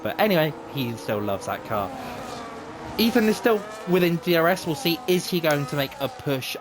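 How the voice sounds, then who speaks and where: A man giving chatty live commentary on an online racing league, talking in quick bursts. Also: on the high side, animated, background noise. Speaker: race commentator.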